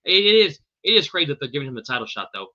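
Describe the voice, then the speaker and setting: A man's voice: fairly high pitch, sing-song, rapid-fire, bright, forceful tone, highs cut off. A man hosting a live podcast, answering viewer chat in a loose, profane way and calling everyone bro and brother. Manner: fumbles unfamiliar names. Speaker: podcast host.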